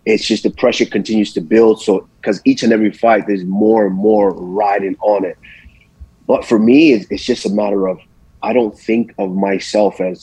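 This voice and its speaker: A man born in Nigeria and raised in Texas, a champion fighter guest answering interview questions in a relaxed way, often repeating words as he thinks. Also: lowish voice, normal speed, slightly rough, no echo, rough recording.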